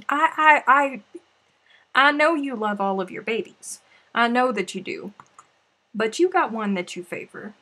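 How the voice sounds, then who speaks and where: A woman's voice: fairly high pitch, animated, a little slow, a bit bright. A woman chats with her viewers on a crochet live stream, moving between tears and laughter. Her talk is loose and rambling, full of restarts and asides. It sounds like a casual livestream voice on a desk mic.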